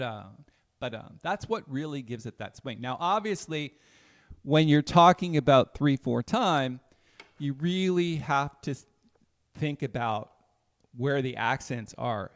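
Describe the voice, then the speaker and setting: A man teaching jazz piano in a live online lesson, talking in a relaxed, thinking-aloud way and counting beats aloud as he plays. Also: a little high, a little slow. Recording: piano playing behind the voice. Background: piano music.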